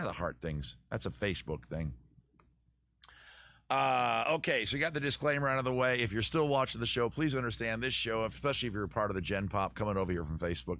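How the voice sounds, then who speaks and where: Sitting close to the mic, a man runs his live-stream chat show in a meandering, joking way, often turning the humor on himself. His voice is on the low side with a fairly bright tone.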